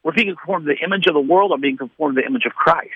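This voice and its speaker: Calling into a radio show over a telephone line, a man with a high-leaning, husky voice speaks rapid-fire in a dry recording. He tells faith testimony stories earnestly, rambling and restarting as he goes.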